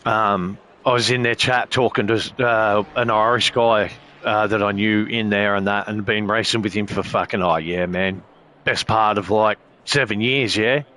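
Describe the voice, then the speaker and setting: Bright-voiced, swearing man rambling. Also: lowish voice, steady tone, moderate pace. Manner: rambling, heavy swearing, frequent filler phrases. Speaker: sim racing streamer. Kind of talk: casual chat.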